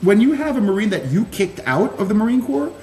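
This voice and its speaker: A former Marine officer, a man, telling stories as a guest in a casual interview, animated, laughing and swearing casually. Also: high voice, a little fast, soft background music. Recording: roomy echo.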